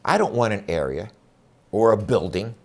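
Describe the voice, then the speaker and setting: A man's voice: fairly low pitch, big pitch swings, moderate pace, a little mellow. A man running for district attorney, speaking bluntly and emphatically in a campaign address. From Philadelphia area. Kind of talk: campaign speech to camera.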